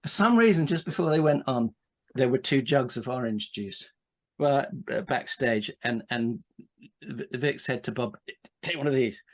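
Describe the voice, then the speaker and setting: Male podcast guest, mid pitch, rambling storyteller with restarts and laughing asides. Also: measured pace. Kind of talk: casual anecdotal storytelling.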